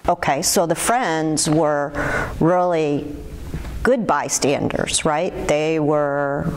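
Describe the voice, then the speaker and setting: A woman with a low, deep-set voice leads a guided discussion. She affirms what she hears and restates each point in her own words. A faint hiss sits under her voice. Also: takes it slowly. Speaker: discussion leader with students.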